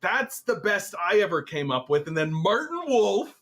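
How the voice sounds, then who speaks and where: A man hosting a political commentary show, reading an article aloud and reacting to it in an animated, swearing, exasperated way. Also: sits high, moderate pace, few pauses. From Canada.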